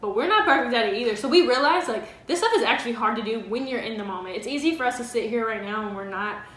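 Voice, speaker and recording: A woman's voice: on the high side, fast, a bit bright. A woman co-hosting a faith-based couple's vlog, talking earnestly and chattily with frequent fillers. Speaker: co-host of a couple's channel. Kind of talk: casual faith-based advice chat. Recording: roomy echo, faint background noise.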